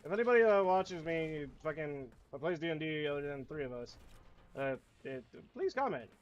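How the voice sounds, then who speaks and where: A man with a fairly high voice narrates his game in a loose, excitable way. He swears at enemies, whines about his own mistakes, and repeats phrases in quick bursts. Faint game gunfire sits under his voice. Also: dull audio, slight background noise. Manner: profane, whiny trash talk at enemies. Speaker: gamer. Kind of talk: casual let's-play commentary.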